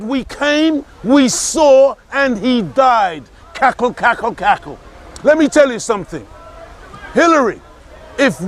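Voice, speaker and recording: A man giving an impassioned political talk, forceful and emphatic, repeating key phrases and rising to shouts. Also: very high voice. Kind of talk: impassioned speech.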